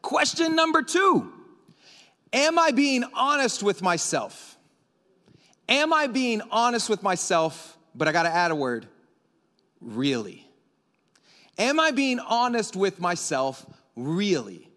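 A man preaching a sermon into a microphone, animated and breaking into yelling at times. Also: high voice, slow, long pauses. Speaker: pastor. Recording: reverberant hall.

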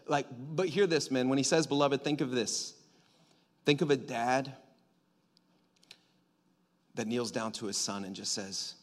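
Delivering a sermon at normal speed, this pastor has a medium-pitched, animated male voice. He alternates booming emphasis with soft near-whispers, addressing the congregation directly in a conversational way.

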